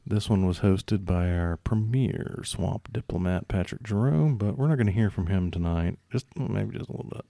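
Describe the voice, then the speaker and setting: Gravelly, deep-voiced joking podcast host man. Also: normal speed, few pauses, dark tone, no room sound. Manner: mock-indignant, joking, rambling. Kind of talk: casual podcast hosting.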